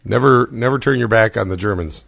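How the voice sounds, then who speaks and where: Gravelly-voiced American man hosting a podcast. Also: lowish voice, fairly quick, fairly bright tone, dry recording, clean studio sound. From United States. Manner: chatty, laughs often, trails off into rambling. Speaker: podcast host. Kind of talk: casual podcast chat.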